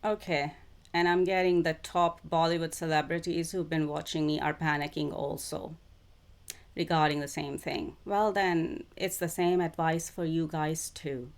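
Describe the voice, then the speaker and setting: Slow, low-voiced woman channeler. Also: fairly even intonation. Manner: slow, repetitive, deliberate phrasing. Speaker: self-described psychic channeler. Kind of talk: spiritual monologue to camera.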